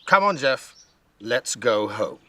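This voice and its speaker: A man's voice: mid-range voice, takes it slowly, heavily acted. A man voicing a bored, skeptical little girl who speaks matter-of-factly and grows insistent. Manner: flat, matter-of-fact, then insistent.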